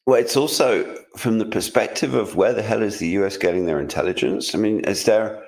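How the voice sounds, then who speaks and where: A man's voice: fairly low pitch, brisk, a little mellow. A man co-hosting a casual news roundup, talking sarcastically and rambling with restarts. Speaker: co-host. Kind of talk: casual news commentary chat.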